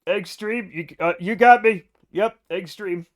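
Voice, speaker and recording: Talking a little slowly, a high-voiced, middle-aged streamer from the US hangs out with his live audience in a loose, conversational way. He cracks jokes, curses without restraint, and repeatedly breaks out laughing.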